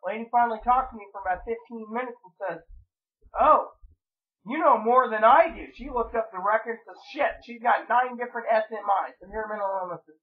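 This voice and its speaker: A man's voice: high-pitched, quick pace, hardly any pauses. A man talking to camera in a casual venting monologue, rambling and profane, with many repeated fillers. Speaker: vlogger. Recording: tinny phone-like audio.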